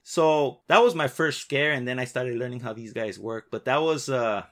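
A man co-hosting a casual podcast, telling stories in an animated way and jumping higher when he relives a scare. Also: moderate pace, few pauses. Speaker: podcast co-host.

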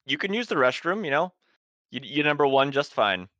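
A man runs a tabletop horror game as game master, his voice bright and forceful with a smooth, crisp edge. He stumbles and repeats words as he improvises, heard close and dry on a slightly dull mic. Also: on the high side, very animated, brisk, dry recording.

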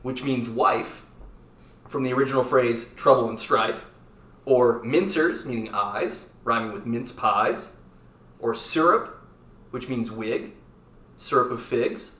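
A man's voice: mid-range voice, a bit bright, far from the mic. A man hosting a casual podcast and running a quiz game, playful and jokey. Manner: playful, jokey, quick asides. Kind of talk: casual chat. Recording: echoey room, off-mic.

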